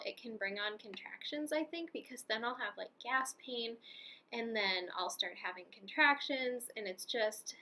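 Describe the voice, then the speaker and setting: A woman's voice: medium pitch, pushed and bright. A pregnant young woman chatting casually in a vlog, rambling with fillers and little laughs. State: heavily pregnant. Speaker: vlogger.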